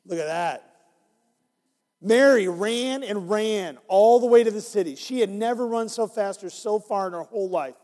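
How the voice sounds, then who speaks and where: A man's voice: high voice, moderate pace. A man reading an interactive Bible story to children as their minister and coaxing them to join in. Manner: animated, coaxing listeners to join in. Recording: long hall reverb.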